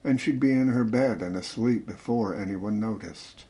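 A man narrating a suspense story in a measured, dramatic reading that slows and drops to a hush at tense moments. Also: fairly low pitch. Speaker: audiobook narrator.

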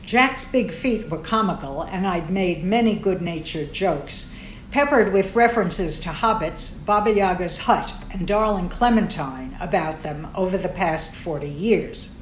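A woman reads a first-person novel aloud with wry, sardonic bite. Her voice sits fairly low and echoes through a roomy space, with faint ambience hanging behind it. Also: animated, measured pace, a little hiss or hum. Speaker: audiobook narrator. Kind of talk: first-person fiction narration. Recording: roomy echo.

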